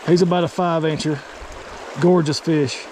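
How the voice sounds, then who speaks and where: Excitable high-voiced man outdoors. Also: moderate pace, a little hiss or hum. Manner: excitable, folksy exclamations. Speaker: fly fishing vlogger. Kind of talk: casual outdoor vlog narration. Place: outdoors by a mountain creek.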